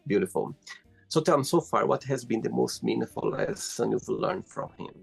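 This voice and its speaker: A man's voice: medium pitch, wildly swooping pitch, normal speed, vocal fry, breathy edge, soft background music. A man hosting a casual interview, asking questions playfully and teasing his guest. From London, England. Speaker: host.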